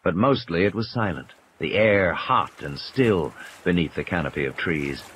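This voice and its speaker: A man narrating an audiobook in a measured, expressive way. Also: deep voice, slight background noise.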